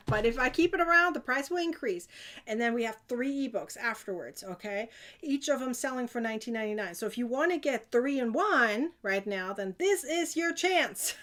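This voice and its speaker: Bubbly high-voiced woman with a foreign accent. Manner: bubbly and excitable, with frequent laughs. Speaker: crochet designer and live-stream host. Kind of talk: casual live-stream chat.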